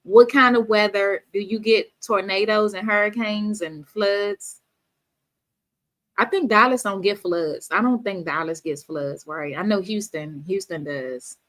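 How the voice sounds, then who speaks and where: A woman's voice: mid-range voice, a little slow, fairly bright tone. A woman from D.C. hosting a casual livestream, chatting with viewers and reading their comments aloud. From Washington, D.C.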